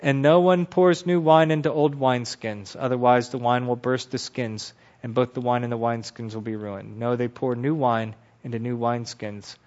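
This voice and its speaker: A man giving a Bible teaching lecture as an animated storyteller who asks rhetorical questions, on a dull lo-fi recording. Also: medium pitch, normal speed, hardly any pauses.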